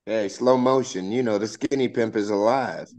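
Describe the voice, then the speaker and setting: A man's voice: fairly low pitch, normal speed, a little mellow. Brash slangy man on a call. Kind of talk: casual chat.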